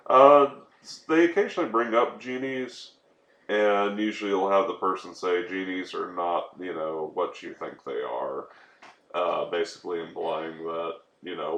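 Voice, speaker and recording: A man's voice: sits low, fairly even intonation, a little slow, creaky, fairly bright tone. A man co-hosting a podcast, explaining film details in a hesitant way with frequent ums. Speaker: podcast co-host. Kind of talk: casual chat. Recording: roomy room with faint noise.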